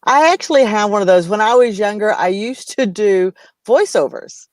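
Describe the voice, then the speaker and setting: A middle-aged American woman co-hosting a casual business chat, telling stories in an animated way, slipping into playful voices and laughing. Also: mid-range voice, normal speed, no echo. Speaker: co-host of a business talk show.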